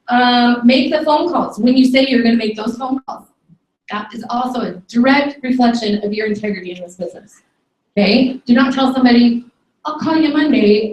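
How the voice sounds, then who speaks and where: A woman leads a training session for her sales team, firm and a little scolding as she keeps checking with the room. Her voice sits fairly high. It is picked up from a distance, with the echo of a roomy meeting hall. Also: highs cut off. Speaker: sales team leader giving a training talk. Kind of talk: motivational training talk to a live room. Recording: echoey room, recorded from afar.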